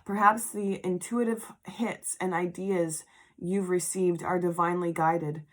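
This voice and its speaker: A woman doing a tarot reading in an emotional spiritual vlog, reading card text slowly and breaking into heartfelt asides. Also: fairly low pitch, fairly even intonation. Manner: murmured affirmations. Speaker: tarot reader.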